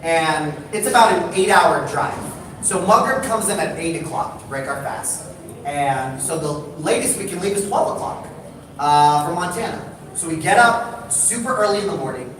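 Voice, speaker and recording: A man telling a comic story on stage, animated, his voice jumping up in excited bursts. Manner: animated, building to excited high-pitched bursts. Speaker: speaker at a live talk. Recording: echoey hall, distant mic, noisy.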